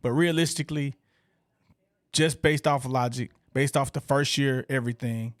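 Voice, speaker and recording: A man's voice: mid-range voice, fairly even intonation, normal speed, dry recording. A man co-hosting a casual live-stream podcast, chatting in an easygoing way. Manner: easygoing, brief reactions. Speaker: podcast co-host.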